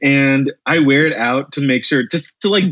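A man's voice: mid-range voice, normal speed, fairly bright tone, no echo, lo-fi sound. A man, a returning podcast guest, chatting casually and animatedly, often laughing. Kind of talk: casual chat.

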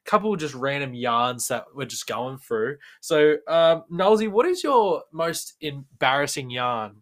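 Bright-voiced young Australian man. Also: on the high side, animated, measured pace. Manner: laughs loudly, rambling storytelling. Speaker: podcast co-host. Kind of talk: casual banter.

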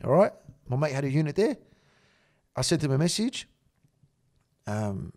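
A man, a guest telling a story in casual, profane, animated talk. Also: on the high side, moderate pace, pauses often. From Australia.

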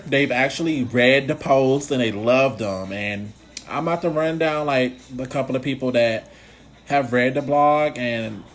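A man chatting casually on his vlog, animated, swearing freely and laughing often. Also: mid-range voice. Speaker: blogger.

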